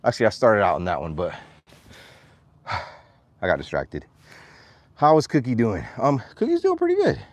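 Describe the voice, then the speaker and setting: Lively man chatting outdoors on his farm. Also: normal speed, pauses often, no echo. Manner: chatty and animated, calling to his animals in a high voice. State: out of breath. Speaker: vlogger, farm owner. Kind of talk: casual livestream vlog.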